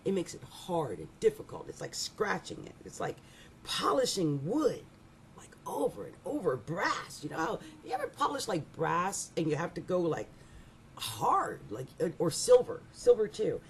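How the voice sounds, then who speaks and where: Woman astrologer, gravelly voice, lively swooping pitch, rambling chat, faint noise behind. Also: normal speed. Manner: animated, rambling, with frequent laughs and restarts. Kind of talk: casual monthly astrology reading.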